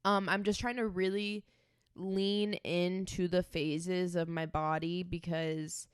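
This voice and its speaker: A woman in her twenties co-hosting a casual podcast, telling stories in a chatty, animated way and swearing freely. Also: fairly low pitch, takes it slowly, smooth, no echo, studio quality. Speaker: podcast co-host. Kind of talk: casual chat.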